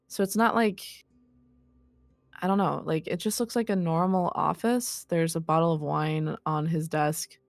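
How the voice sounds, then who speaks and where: A woman narrating a tabletop role-play as game master, relaxed and full of fillers. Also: fairly low pitch, no echo.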